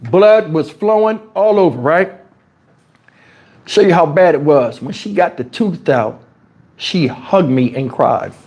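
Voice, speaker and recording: Animated profane man telling a story. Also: takes it slowly. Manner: animated, profane, with dramatic pitch swings. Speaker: storytime streamer. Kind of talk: casual storytelling livestream. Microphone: wireless lapel mic.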